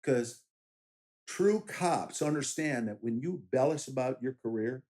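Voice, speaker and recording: A man's voice: mid-range voice, lively intonation, measured pace, a little mellow. A middle-aged man, a former law enforcement officer running for office, talking in a casual interview in a direct, emphatic way and telling anecdotes. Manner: emphatic, direct, tells anecdotes with quoted voices.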